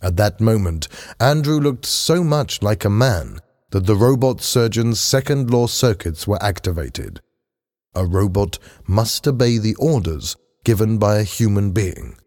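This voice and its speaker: A man narrating a story aloud in a steady, unhurried reading. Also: on the low side. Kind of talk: audiobook narration. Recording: long hall reverb.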